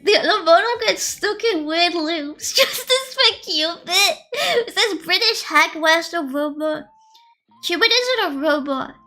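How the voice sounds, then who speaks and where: A woman streamer talks in a very high, bright voice at an unhurried, drawn-out pace. Her chat is casual, giggly and sarcastic, with frequent swearing. Soft lo-fi music plays faintly behind her. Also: expressive.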